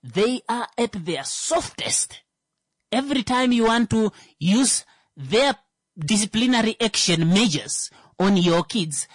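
A man giving a comedic monologue, halting with frequent "uh" fillers and sudden rises in pitch for emphasis. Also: big pitch swings, dry recording.

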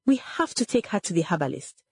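An anguished young daughter cries out in a husky, pleading voice, as a woman storyteller puts her on. The lines swing widely in pitch, and the dry, close recording keeps every crack of grief near. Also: sing-song, brisk, dry recording, heavily acted.

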